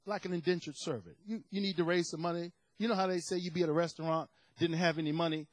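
A man preaching a sermon, swinging from quiet storytelling to fervent shouted passages. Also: a little high, steady tone, quick pace, hardly any pauses, dry recording, low-quality recording.

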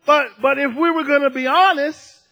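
A man's voice: extremely high pitch, steady tone, normal speed, dull audio. A man preaching a sermon, conversational and at times emphatic, drawing out key phrases.

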